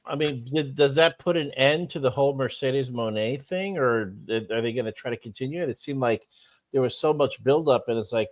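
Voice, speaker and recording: A man co-hosting a podcast in casual chat, talking in a conversational way and quick to agree. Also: mid-range voice, dry recording. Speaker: podcast co-host.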